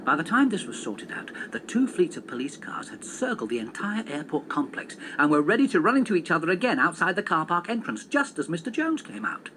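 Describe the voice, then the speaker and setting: A man reading a children's story aloud on television in an animated, expressive way. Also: high-pitched, fairly quick, few pauses, background noise.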